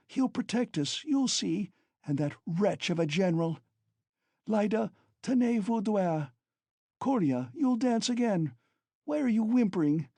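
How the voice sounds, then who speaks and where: A man reading an audiobook, voicing a proud, consumptive impoverished mother who talks in rapid, frantic bursts, panting and coughing. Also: a little mellow, husky, dry recording, clean studio sound. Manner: rapid, frantic, shrill outbursts.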